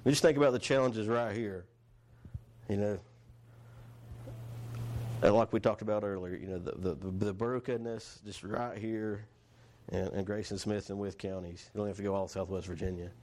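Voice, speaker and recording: A man's voice: on the low side, fairly even intonation, normal speed, long pauses, darkish tone. A man preaching a sermon in a conversational way. He restarts his phrases and asks his listeners questions. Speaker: pastor.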